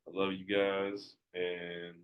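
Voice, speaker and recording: Low, flat-voiced male podcast guest. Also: slow, phone-quality sound. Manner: blunt, laid-back, frequent fillers. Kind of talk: casual podcast chat.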